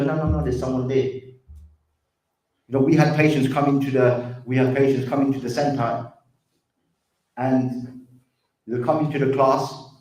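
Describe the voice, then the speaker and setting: A man's voice: mid-range voice, a little mellow. A man giving an earnest community talk about drug addiction, repeating himself and calling the listeners brothers and sisters. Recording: very echoey hall, distant mic.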